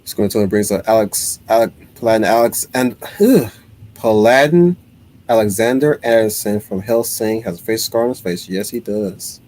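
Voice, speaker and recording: A man's voice: on the low side, moderate pace. A man hosting a casual livestream, reading viewer comments and rambling with frequent restarts. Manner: rambling, many restarts, animated. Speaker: livestream host reading chat. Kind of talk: casual chat.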